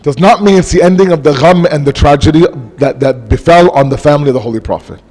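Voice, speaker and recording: A man giving an impassioned mourning sermon as a majlis speaker, slowing his words for emphasis. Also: on the high side, darkish tone. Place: large mosque hall. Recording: long mosque hall reverb.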